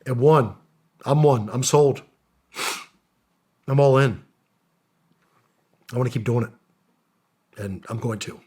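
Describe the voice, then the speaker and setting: A man's voice: mid-range voice, takes it slowly, pauses often, darkish tone, breathy edge. A middle-aged man, a guest on a podcast, telling his story casually and earnestly, acting out quoted dialogue and using casual slang. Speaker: podcast guest, former special operations soldier.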